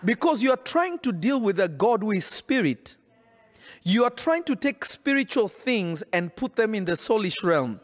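A man's voice: sits high, very animated, normal speed. A man preaching a sermon in an emphatic, insistent way, often repeating his phrases.

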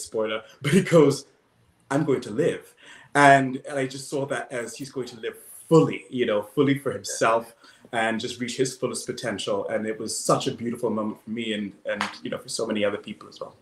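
A man's voice: medium pitch, fairly even intonation, brisk. Earnest man telling a story in a roomy echo. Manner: earnest, reflective storytelling with quoted lines. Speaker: voice actor guest. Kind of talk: panel Q&A answer.

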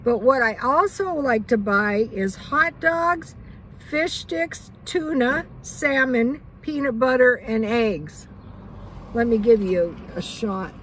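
A woman's voice: on the high side, slow pace, fairly bright tone, a little hiss or hum, poor audio. An older woman vlogger chatting casually about living on a budget, rambling with lots of fillers.

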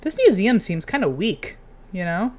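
A young woman giving casual, excitable commentary while playing a video game, cheering on her character. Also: medium pitch, moderate pace. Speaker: game streamer.

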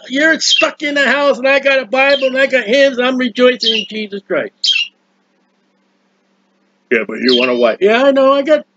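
High-voiced man preaching excitedly at home. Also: a little hiss or hum. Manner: animated, rambling, exclamatory. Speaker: preacher of a hymn channel. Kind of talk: impassioned home sermon. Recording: dull lo-fi dry sound.

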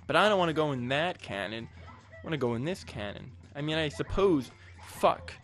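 A man's voice: a little high, lively intonation, moderate pace, soft background music. A man giving casual, jokey gameplay commentary as a let's play host, rambling with crude asides.

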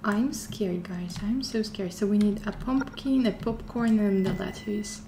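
A woman's voice: mid-range voice, unhurried, noisy background. A woman streaming a horror game, talking to herself in a scared way that keeps repeating and dropping to whispers. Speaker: gameplay streamer. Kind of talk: playing a horror game out loud. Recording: game music loud behind the voice.

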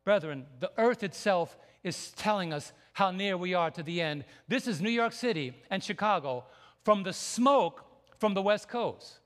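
A man preaching a sermon as pastor, emphatic and building to near shouts. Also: high voice, lively intonation, measured pace. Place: church sanctuary. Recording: long church hall reverb.

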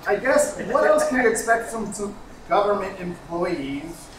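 Man as a snide rude young customer, animated voice, staged reading, loud noise, echoey room. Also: high-pitched, unhurried, far from the mic. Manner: snide, petulant.

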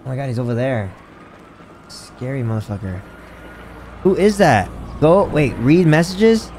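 A man's voice: mid-range voice, unhurried, a little hiss or hum, poor audio. A man giving live commentary while he plays a video game, talking to his chat, reading menus aloud, and swearing and yelping when caught off guard. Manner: excitable, swears often, yelps in surprise. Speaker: gaming streamer.

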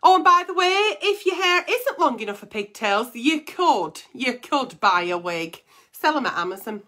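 A woman's voice: sits high, very animated, normal speed, pushed and bright. A woman hosting an advice show, blunt and teasing, swearing freely in casual comic chat.

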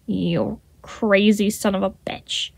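A woman voicing a crude, impatient young man who snaps and snarls in a gruff way. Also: a little high, expressive, normal speed, no room sound, full character voice. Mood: snarling. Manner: snapping, gruff.

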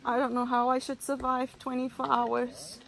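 A woman's voice: high-pitched, flat delivery, normal speed, vocal fry, a bit bright, a little hiss or hum. A woman vlogging to camera from inside a tent in a forest, talking dramatically with lots of exclamations. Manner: exclaiming, dramatic, keeps saying oh my gosh. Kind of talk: casual vlog to camera.

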